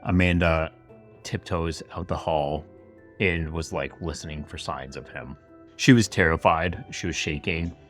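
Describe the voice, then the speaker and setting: A man's voice: rumbling low, fairly even intonation, unhurried, a bit bright, soft background music. A man hosting a podcast, telling a true crime story in a chatty, casual way with lots of asides. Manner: chatty retelling full of "like" and asides. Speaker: podcast host. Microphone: camera-facing setup.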